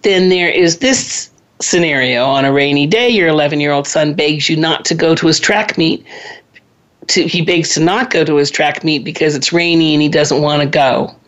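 A woman's voice: low voice, normal speed. A woman in her sixties hosting a parenting talk, giving a conversational lecture with chatty asides and personal stories. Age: 60s. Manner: chatty, drifts into personal anecdotes and laughs at herself.

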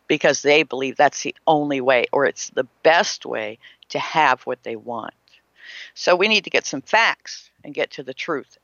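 Bright-voiced spiritual teacher. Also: medium pitch, animated, moderate pace, no echo. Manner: emphatic, asks rhetorical questions, acts out imagined people. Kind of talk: motivational spiritual talk. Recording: slightly muffled, dry.

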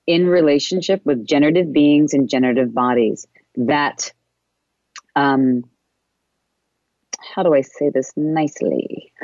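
Here the wellness coach meanders through spiritual self-help topics in an easygoing way, at a mid pitch, stopping frequently and filling gaps with ums. Her tone is slightly mellow, and the sound is dull, muffled, dry and close, lacking any room sound.

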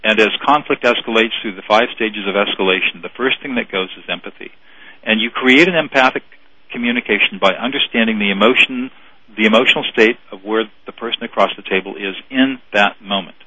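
Brief: male mediator guest, earnest explainer, bright but husky tone, dull lo-fi line. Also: on the low side, brisk, no room sound. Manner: earnest, repeats words while explaining. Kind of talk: explanatory radio interview.

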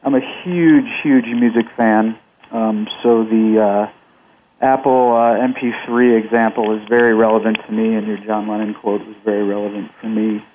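A man's voice: lowish voice, fairly even intonation, moderate pace. A man speaking as an upbeat guest on a panel discussion, with frequent fillers. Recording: tinny phone line with faint noise.

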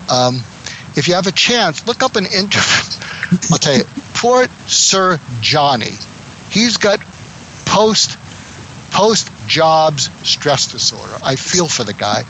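Man, impression of a tech founder, blunt, profane, boastful, slightly high voice, video call. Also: bright, forceful tone, slight background noise, poor audio. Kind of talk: improvised role-play talk.

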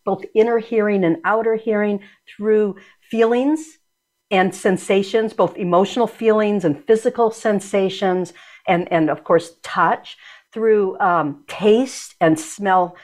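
A woman's voice: medium pitch, unhurried. A woman being interviewed as an energy medicine practitioner, speaking in a reflective, searching way with frequent restarts. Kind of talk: conversational interview.

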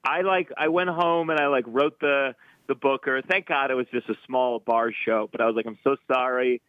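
A man's voice: medium pitch, steady tone, moderate pace, dry recording. Man, comedian guest, rambling storyteller, dry, phone-like sound. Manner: rambling storyteller, self-deprecating. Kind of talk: casual anecdote telling. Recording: dry tinny phone line.

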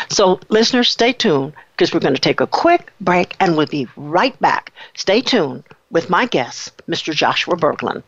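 A woman hosting a radio interview, affirming her guest warmly and briskly announcing a break. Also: fairly low pitch, dry recording. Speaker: host. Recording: dull lo-fi radio broadcast.

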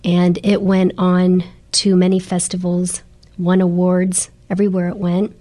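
A woman's voice: fairly low pitch, measured pace. Earnest storytelling woman. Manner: earnest and animated, laughs while telling stories. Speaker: guest. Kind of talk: storytelling interview chat.

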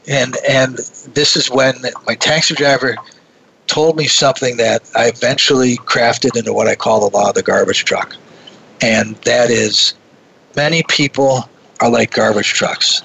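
A man telling a personal story in a relaxed conversation, animated and often restarting his sentences. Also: mid-range voice, measured pace, vocal fry, husky, rough recording.

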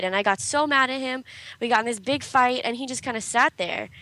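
Chatty young woman, higher voice. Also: brisk, bright, forceful tone, low-quality recording. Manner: chatty storyteller, many likes. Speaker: co-host. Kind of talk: casual chat.

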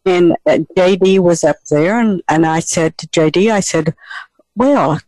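An older woman telling a family story slowly and with amusement. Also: on the low side, a little mellow, no room sound, poor audio. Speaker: wife of the man discussed. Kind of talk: casual storytelling among family.

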